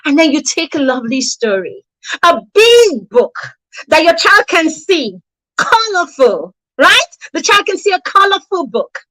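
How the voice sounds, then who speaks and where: A woman's voice: sits high, pushed and bright, low-quality recording. A woman giving a motivational parenting talk, emphatic and repetitive, full of rhetorical questions and sarcastic asides. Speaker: parenting coach.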